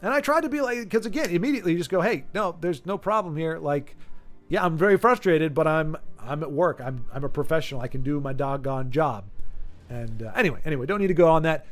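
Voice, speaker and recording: A man's voice: on the high side, animated, fast talker, soft background music. A middle-aged man chatting casually with viewers as a gaming streamer, telling a story in an exasperated way with many restarts and repeated words. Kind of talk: casual rambling chat with viewers.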